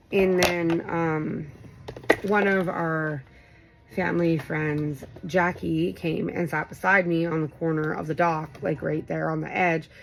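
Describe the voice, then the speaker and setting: A woman in her thirties vlogging, telling a rambling, animated story full of fillers. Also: sits low, creaky, noisy background. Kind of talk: casual storytelling chat. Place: home, late night.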